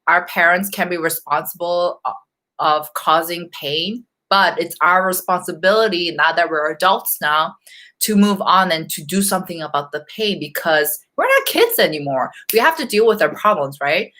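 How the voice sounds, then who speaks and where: Talking at a normal speed with lively intonation, this young woman has a low-leaning, bright, forceful voice. She hosts a laid-back live Q&A as a beauty vlogger, snacking as she goes, laughing frequently and reading comments from viewers.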